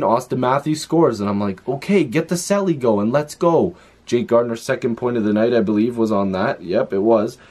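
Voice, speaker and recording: A young man recapping a hockey game in a casual, excitable way, full of fillers and quick asides. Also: fairly low pitch. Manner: excitable, talks fast with frequent fillers. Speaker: hockey vlogger.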